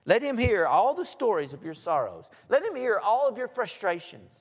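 A man preaching a sermon, swinging from soft asides to loud, emphatic lines. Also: high-pitched, huge pitch swings, normal speed. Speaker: pastor. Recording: echoey hall.

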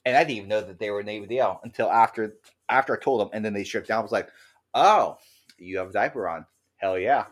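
Animated swearing podcast co-host man. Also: lowish voice, very fast. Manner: animated storytelling, swears freely. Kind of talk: casual chat.

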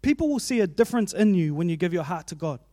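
A fast-talking male preacher with a warm tone and big pitch swings gives an earnest, conversational sermon in a fairly high register. His delivery is plain and personal, with bits from his own life, recorded dry and close with no echo.

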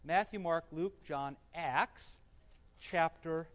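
In a dull, echoey hall recording, a Bible teacher with a mid-range, slightly bright voice leads a class for a live group. He reads scripture aloud slowly, explains it, and quizzes the room with questions he answers himself.

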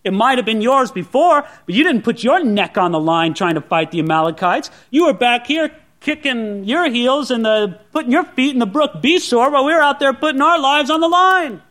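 A man's voice: very high voice, lively intonation, normal speed, few pauses, fairly bright tone. A man voicing a sneering, possessive male soldier on a camel who lectures scornfully.

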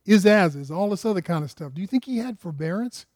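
A man's voice: sits high, animated, fast talker, darkish tone, dry recording, clean studio sound. A man preaching a conversational sermon, firing rhetorical questions at his listeners and often repeating words and restarting phrases.

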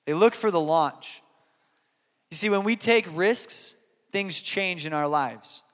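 A man's voice: high voice, slow pace, fairly bright tone, clear, resonant tone, long reverb tail. A man preaching a sermon, earnest and emphatic, repeating key lines and telling stories. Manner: earnest, emphatic repetition, storytelling. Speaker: pastor.

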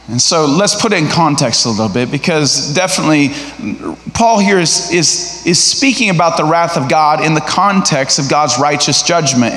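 A middle-aged man preaching a sermon in a church sanctuary, his voice sitting a little higher than most men's. He talks in a lively, conversational way and puts questions to the congregation. The sound carries a long, roomy hall reverb from the stage mic. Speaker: guest preacher.

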